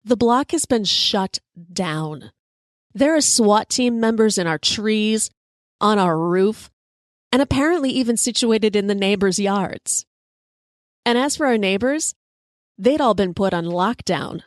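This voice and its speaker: A woman hosting a podcast, telling a personal story in a lively, conversational way. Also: medium pitch, unhurried, no room sound. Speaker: podcast host. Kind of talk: storytelling monologue.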